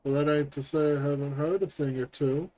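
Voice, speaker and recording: A man reading the lines of an easygoing low-born soldier from a game, in a folksy and chatty manner. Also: steady tone, brisk, a little mellow, close to an everyday voice, low-quality recording.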